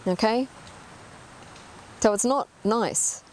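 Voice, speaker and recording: A woman's voice: fairly high pitch, slow, darkish tone, a little hiss or hum. A middle-aged woman giving an earnest talk as an animal communicator, emphatic and full of rhetorical questions.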